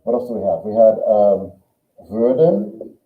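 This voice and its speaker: A man's voice: fairly low pitch, very animated, a little slow. Man teaching grammar in an echoey classroom. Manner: explains step by step, thinks aloud. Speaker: German teacher. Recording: echoey room on a tinny lo-fi recording.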